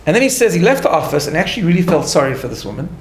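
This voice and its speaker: A man, a rabbi, giving a conversational lecture, telling a story in an animated way with light laughter at his own asides and frequent restarts. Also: on the high side, very fast, echoey room, a little hiss or hum. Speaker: rabbi teaching a class.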